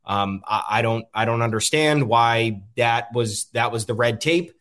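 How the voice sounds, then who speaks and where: Guy running a sports podcast, mid pitch, lots of ums, kinda frustrated rambling. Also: unhurried, a bit bright. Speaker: podcast host. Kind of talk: casual sports commentary.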